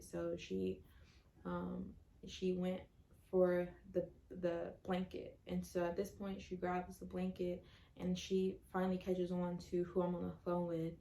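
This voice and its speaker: Young woman vlogger, earnest storyteller, gravelly tone, roomy echo. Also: lowish voice, a little mellow. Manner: earnest, recounting step by step with many fillers. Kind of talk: personal storytelling.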